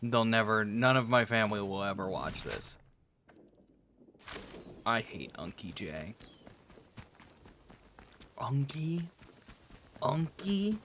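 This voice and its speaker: A man hosting a let's play, rambling through casual gameplay commentary with animated, profane storytelling. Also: on the low side, a little slow, long pauses, a little hiss or hum.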